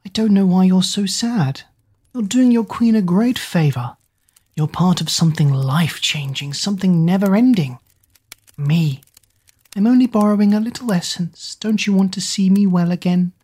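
A woman's voice: fairly low pitch, normal speed, warm tone, lightly acted. A woman voicing a frail, stubborn old witch queen who speaks in an imperious, mocking way. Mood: taunting.

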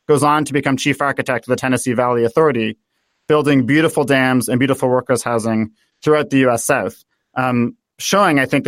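A man from the United States, a guest in a political interview, talking in an animated way and thinking aloud with many fillers. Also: mid-range voice, dry recording. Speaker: guest author.

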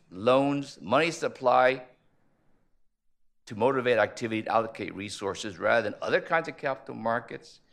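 A man's voice: mid-range voice, vocal fry, fairly bright tone. Man giving an analytical conference talk. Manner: measured, analytical, rhetorical questions. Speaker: panel speaker on economics. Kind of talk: conference presentation.

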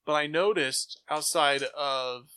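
Bright, animated man retelling comic plots. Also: on the high side, slow pace, clear, resonant tone. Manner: animated storyteller, acts out quotes. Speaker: comic book podcast co-host. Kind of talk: casual chat.

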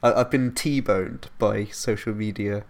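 A young man hosts a casual football podcast, his voice low and gravelly with a fair bit of fry. He rambles, breaks off mid-thought and laughs at his own tangents. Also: fairly even intonation, a little slow, a little hiss or hum. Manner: rambling, self-interrupting, laughs at himself. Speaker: podcast host.

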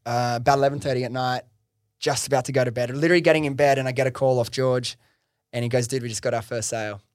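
A young man, a podcast host taking the guest seat, tells his business story in a lively, slangy way with frequent swearing and fillers. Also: medium pitch, no room sound, clean studio sound. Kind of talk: casual interview storytelling.

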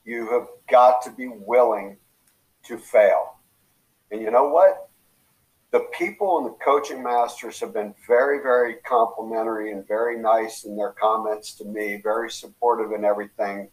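A man appears as a coaching guest in a casual motivational talk, telling his stories with animation and acting out quotes with big leaps in pitch. He speaks at normal speed, and the recording is rough.

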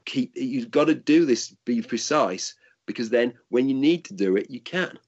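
A man's voice: mid-range voice, expressive, normal speed, a little mellow, husky, dull audio. An older man and martial arts instructor answering interview questions in a casual, rambling way with frequent restarts.

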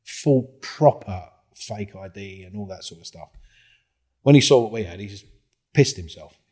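Man, ex-undercover cop, low husky voice, loose storyteller who swears a lot. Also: normal speed. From England. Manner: swears a lot, acts out other people's lines with lively quoted voices. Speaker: former undercover police officer, guest. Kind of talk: casual storytelling interview.

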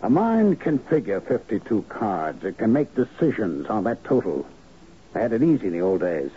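A harried fixer. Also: male voice, on the low side, very animated, normal speed, slight background noise. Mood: urgent. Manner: urgent, explanatory. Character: harried male fixer manager. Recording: dull old radio recording.

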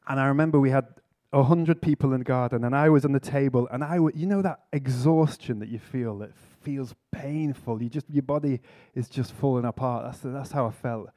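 A man's voice: medium pitch, a little fast, few pauses, mellow. A man giving a conference sermon, telling a story earnestly with self-mocking humour. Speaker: speaker at a church conference. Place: conference hall talk.

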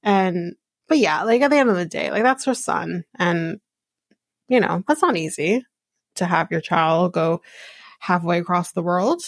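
A woman hosting a podcast, casually recapping a reality show episode with many fillers and quick asides. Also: lowish voice, animated, no room sound, studio quality.

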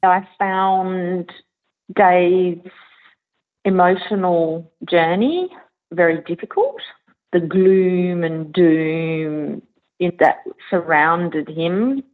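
A woman recalling her time in a band in a slow, reflective interview, pausing and restarting as she thinks. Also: fairly low pitch. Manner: slow, thoughtful, with pauses and restarts. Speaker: interviewee, former bandmate. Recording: phone-like narrow line.

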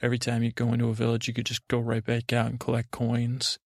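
A man's voice: medium pitch, completely flat delivery, fast talker, no echo, studio quality, natural voice. A man voicing a hungry, passive-aggressive grown man who whines about waiting. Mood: whiny.

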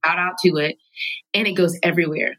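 A woman guest in a studio telling her own story candidly, emphatic and animated, sometimes laughing through her words. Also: fairly low pitch, brisk, rough recording. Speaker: podcast guest.

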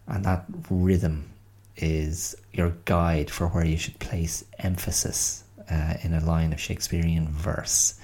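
A podcast host in his fifties muses aloud in a casual solo monologue. His voice is deep and gravelly, with a dark, mellow tone. He pauses often and fills the gaps with fillers as he thinks. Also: little pitch movement. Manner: reflective, halting, many pauses and fillers.

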